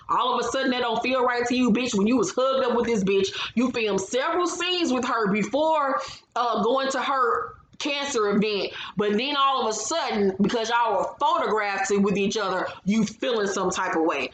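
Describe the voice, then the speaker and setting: A woman with a fairly high voice recaps a reality show in a loose, casual chat. She is blunt and sassy and swears constantly. The room sounds echoey, with a faint hum in the background. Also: moderate pace, a bit bright. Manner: blunt, sassy, heavy cursing, mimics cast members.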